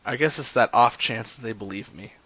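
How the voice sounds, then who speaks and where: A man talking casually to a live-stream chat while he sets up prank calls. His voice sits at an ordinary pitch, and his talk is loose and joking, full of fillers and asides. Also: fairly quick, pushed and bright, dry recording. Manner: chatty, loose, jokes with chat, lots of fillers.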